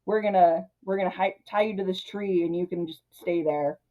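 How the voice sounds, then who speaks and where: A chatty woman recapping a film in a low-pitched voice, jumping into the characters' lines as she goes. The recording is dull and lo-fi. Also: moderate pace. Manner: chatty, animated, quotes characters in her own voice. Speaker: video essay host. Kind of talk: casual film recap commentary.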